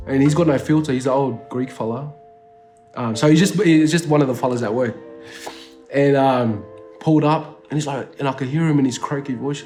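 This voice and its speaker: A man's voice: mid-range voice, normal speed, a little mellow, soft background music. An Australian man talking as a rapper guest in a casual interview, laid-back and slangy, swearing freely and leaning on lots of fillers. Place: indoor studio.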